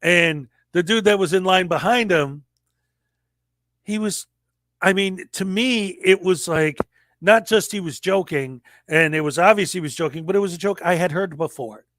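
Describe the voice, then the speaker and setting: A man in his forties hosting a livestream, telling a story in a lively casual way and acting out the people he quotes. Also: high-pitched, moderate pace, no echo. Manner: animated storyteller, acts out quoted voices. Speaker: livestream host.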